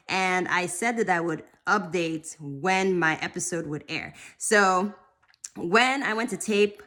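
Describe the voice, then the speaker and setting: A bubbly woman talks casually to her viewers, rambling with plenty of fillers and breaking into squealing cheers of excitement. Her voice is bright and forceful. It sits slightly low in pitch when she settles down. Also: a little slow. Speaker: vlogger. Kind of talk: casual talk to camera.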